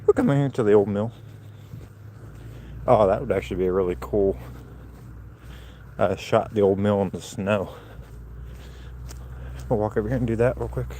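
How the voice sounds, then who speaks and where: Mellow and on the low side, this man talks at a normal speed with long pauses. He's a vlogger from Central Florida, live-streaming by handheld phone on a walk through a snowy, windy night, casually rambling to viewers and feeling the cold.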